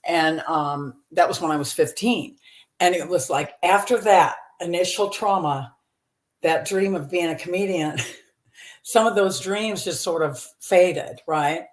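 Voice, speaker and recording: A woman's voice: fairly low pitch, a little slow. A woman in her seventies from Texas, a comedian talking openly about her life as a podcast guest, laughing often and using many fillers. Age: 70s. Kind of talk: candid personal storytelling.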